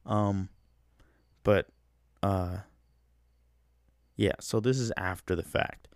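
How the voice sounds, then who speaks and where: A man's voice: fairly low pitch, steady tone, slow pace, no echo, clean studio sound. A young man hosting a casual solo podcast, talking loosely and rambling with plenty of fillers. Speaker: podcast host.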